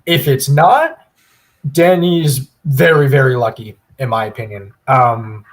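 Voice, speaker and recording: A man's voice: medium pitch, unhurried. A man co-hosting a podcast, giving a long, opinionated analysis in casual chat with plenty of fillers. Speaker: podcast co-host.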